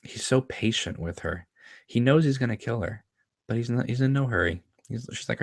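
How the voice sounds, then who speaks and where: A man's voice: mid-range voice, moderate pace, vocal fry, no echo, clean studio sound. A man hosting a casual watchalong, chatting about a television episode, laughing often and quoting lines from the scene. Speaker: show host commenting on an episode.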